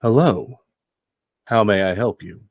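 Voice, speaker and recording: A calm, formal dojo gatekeeper, as a game master puts him on, courteous but unbending. His voice sits low and even, close to the mic. The sound is dry. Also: unhurried, no room sound. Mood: polite.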